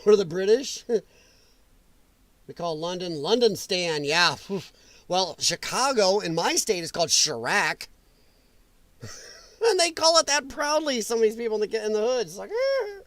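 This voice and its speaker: Brief: male show host, high voice that swings wildly, sarcastic and worked up, dry close sound. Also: sing-song, moderate pace, long pauses, fairly bright tone, dry recording. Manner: heated, sarcastic, mocking. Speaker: political commentary host. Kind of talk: livestream rant.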